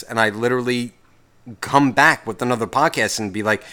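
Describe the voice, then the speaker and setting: A man's voice: mid-range voice, fairly quick, pushed and bright. Profane rambling male podcast host. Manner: profane, rambling, self-interrupting. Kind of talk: casual solo podcast rant.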